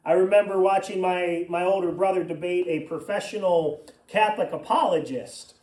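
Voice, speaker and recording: Male pastor with a high voice, conversational sermon with asides; echoey room, mic set back. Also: moderate pace, a little mellow, distant mic. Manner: conversational preaching with personal asides.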